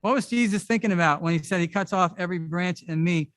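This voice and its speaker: Middle-aged male pastor, high-pitched and conversational, animated sermon delivery, dry recording. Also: quick pace, no echo. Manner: conversational and animated, with casual asides. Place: church service.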